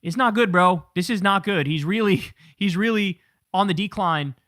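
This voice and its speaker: A man's voice: sits high, moderate pace, bright, forceful tone, no room sound, studio quality. A man hosting political commentary, talking casually in a blunt, profane and incredulous way.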